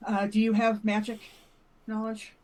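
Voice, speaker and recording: A woman running a tabletop game as game master, speaking in a relaxed, measured way. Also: mid-range voice, rough recording.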